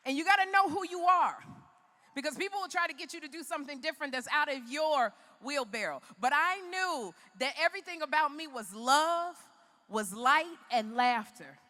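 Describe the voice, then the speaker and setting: This motivational keynote, given by a Chicago woman in a large arena hall, recounts her story with preacher-like emphasis. She speaks at a moderate pace in a high-pitched, pushed and bright voice with lively intonation.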